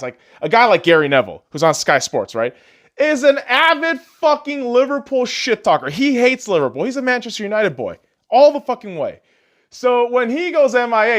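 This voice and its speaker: A man rants casually on a podcast, swearing nonstop and chuckling at his own sarcastic digs. His voice sits a little high and swings widely in pitch. He rambles and restarts, getting loud when he gets worked up. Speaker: podcast host. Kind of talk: casual profane football rant.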